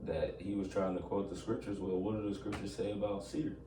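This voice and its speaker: A man teaching from scripture, reading old-style verses in a measured, solemn way and then explaining them. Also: sits low, steady tone, background noise. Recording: echoey room, distant mic, music behind.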